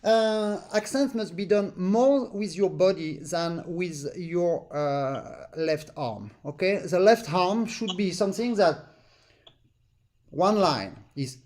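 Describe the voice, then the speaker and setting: This accordion teacher runs his master class online through a video call, singing out rhythms as syllables and explaining things with patience. He speaks slowly in a high-sitting voice with a darkish tone.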